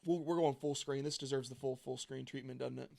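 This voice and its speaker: A man's voice: mid-range voice, fairly even intonation, a little fast, vocal fry, dark tone. A man co-hosting a casual podcast in an upbeat manner, laughing easily and hyping up what he talks about. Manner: upbeat, laughing, hypes things up. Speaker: podcast co-host. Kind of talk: casual sports chat.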